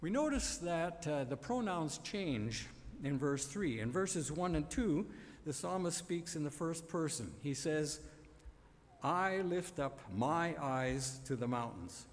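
A man's voice: on the high side, expressive, slow pace, long reverb tail. A man preaching a sermon on a psalm, emphatic and building to repeated refrains.

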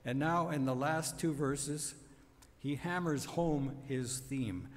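A man's voice: on the high side, slow pace, in a large hall. A man preaching a sermon on a psalm, emphatic and building to repeated refrains.

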